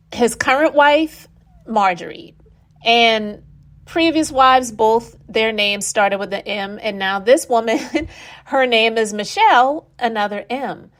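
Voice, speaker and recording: A woman's voice: a little high, fairly bright tone. A woman hosting a channel, giving opinionated reaction commentary in a conversational way. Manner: opinionated, conversational, sometimes quick.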